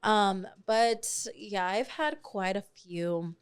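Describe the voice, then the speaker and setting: A woman in her twenties co-hosting a podcast, telling a story in a casual, animated way, swearing freely and slipping into Spanish phrases. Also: medium pitch, takes it slowly, clear, resonant tone, no echo. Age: 20s. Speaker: podcast co-host.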